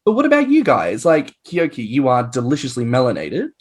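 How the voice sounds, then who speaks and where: Australian male podcast host, campy and animated, mid-pitched, laughs a lot. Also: a little fast. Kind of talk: casual podcast chat.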